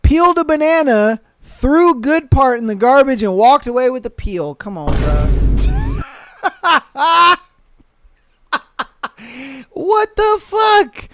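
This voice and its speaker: Slangy laughing podcast host reading stories. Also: male voice, very high-pitched, animated, smooth. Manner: laughs often, slangy and profane, mimics people in quick voices. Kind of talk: casual podcast commentary.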